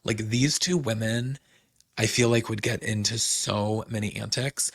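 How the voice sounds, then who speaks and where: Chatty gravelly-voiced man. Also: on the low side, steady tone, a little slow, no room sound, clean studio sound. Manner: chatty, fillers like "like" and "um", quotes people. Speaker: podcast host. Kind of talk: casual recap chat.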